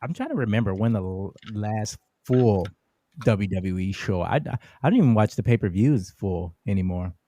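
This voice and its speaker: A man's voice: on the low side, expressive, normal speed, mellow. A man co-hosting a casual podcast chat, reading listener comments aloud in a wry, chatty way. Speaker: co-host.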